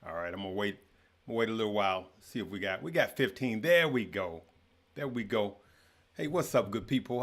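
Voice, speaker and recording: A man's voice: mid-range voice, fairly bright tone. Casual man greeting livestream viewers. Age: adult with children. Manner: greets viewers by name, stumbles over names. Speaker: livestream host.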